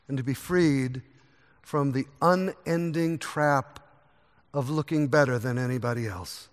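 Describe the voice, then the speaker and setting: A man preaching a sermon from the pulpit, earnest and varied, quieter during prayer. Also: a little high, measured pace. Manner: earnest, varies pace, drops to a soft voice in prayer. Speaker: pastor. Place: church sanctuary. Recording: long echo of a large church hall.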